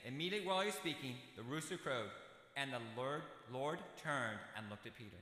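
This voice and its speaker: A man's voice: medium pitch, expressive, moderate pace, bright, forceful tone. An American man preaching a sermon in a church, reading scripture and adding folksy, conversational asides. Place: church sanctuary. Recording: echoey church hall.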